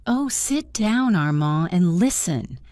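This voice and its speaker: A worn-out theatre director, a middle-aged man trying to calm his partner, as a woman reads him in a storybook. His words come slowly in a dry, close recording. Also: lowish voice, dry recording. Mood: tired. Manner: tired, placating.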